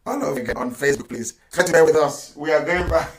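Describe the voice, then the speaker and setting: A man's voice: fairly high pitch, normal speed, roomy sound, rough recording. A middle-aged man with a Nigerian accent giving a live broadcast address, emphatic, repeating his phrases and chuckling between lines.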